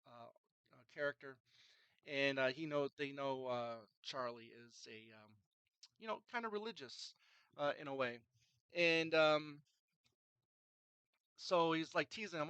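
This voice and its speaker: A man's voice: a little high, a little slow, long pauses, bright, forceful tone, clean tone, dry recording, poor audio. A man casually reviewing a film, retelling its scenes in a rambling way with many fillers and restarts.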